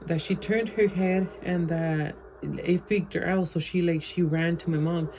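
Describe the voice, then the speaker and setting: A woman's voice: lowish voice, steady tone, a little slow, dark tone, slight background noise, poor audio. A woman vlogger at home telling a rambling storytime, full of fillers and slipping Spanish phrases into her English. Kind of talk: casual storytime.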